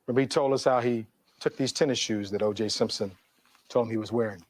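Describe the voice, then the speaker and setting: A middle-aged defense attorney gives a courtroom closing argument, reading testimony aloud and posing rhetorical questions in an oratorical style. His voice is fairly low and fast.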